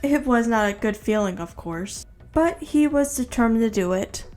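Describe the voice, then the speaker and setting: A woman's voice: fairly high pitch, animated, normal speed, darkish tone, soft background music. Woman reading fan fiction aloud. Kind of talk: second-person fan-fiction narration.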